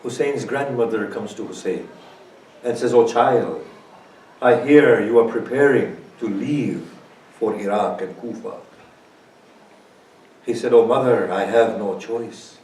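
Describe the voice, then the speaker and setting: A man's voice: on the low side, unhurried, pauses often, a little mellow. Male preacher for a mourning sermon, lamenting delivery, heard from a distance in a reverberant hall. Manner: lamenting, swelling to impassioned cries in quoted laments. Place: large hall at a religious center.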